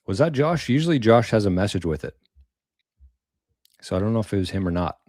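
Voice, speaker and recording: A man's voice: fairly low pitch, animated, a little fast, darkish tone, no room sound, studio quality. A man hosting a casual live stream, thanking viewers for tips in a rambling way, repeating words and using mild slang. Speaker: livestream host reading viewer tips.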